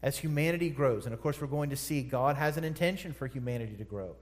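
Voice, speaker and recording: A man's voice: medium pitch, fast. A man preaching a sermon, emphatic and repeating phrases for stress. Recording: long hall reverb.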